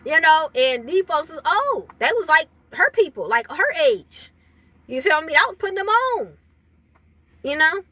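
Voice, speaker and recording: A woman with a high, bright voice gives a casual spiritual reading straight to her viewers. She rambles in a loose, chatty way, piling up fillers and breaking into laughs. The sound is dry and close, with no room echo. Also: sing-song, unhurried. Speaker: spiritual reader.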